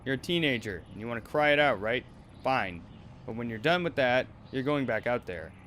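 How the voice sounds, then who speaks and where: A man voices a game's bullying, abusive talent manager who berates and menaces before turning wheedling. His middle-pitched voice is animated, a bit bright, and lightly acted at a moderate pace. A faint noise runs beneath it.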